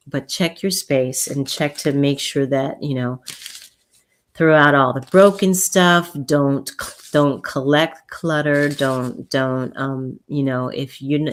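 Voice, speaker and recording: Woman, very deep voice, slow unhurried pace, gentle soothing host, halting repeats, spiritual advice and card readings.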